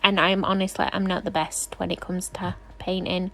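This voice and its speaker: A woman's voice: on the low side, little pitch movement, normal speed, pushed and bright. A woman nail technician doing a casual, rambling tutorial voice-over, chatty and self-deprecating, often apologizing.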